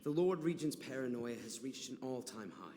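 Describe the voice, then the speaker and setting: An actor playing a calculating noble conspirator in a video game, speaking in a measured, deliberate way. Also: male voice, medium pitch, expressive, close to an everyday voice. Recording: game audio with noise.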